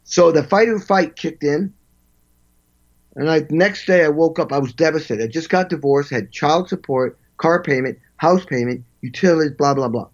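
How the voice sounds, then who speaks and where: A man spins animated stories about his work as a drummer, slipping into quoted voices and scatting the beats. His voice sits a bit high for a man. The recording sounds dull and lo-fi. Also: normal speed. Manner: animated, acts out quotes and vocalizes drum parts. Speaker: guest, session drummer. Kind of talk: storytelling interview.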